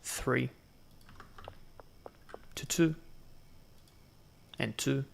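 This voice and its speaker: Gaming host, male, gravelly middle voice, talks to himself while playing. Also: mid-range voice, drawn-out words. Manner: thinking aloud, muttering counts to himself. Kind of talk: gameplay commentary.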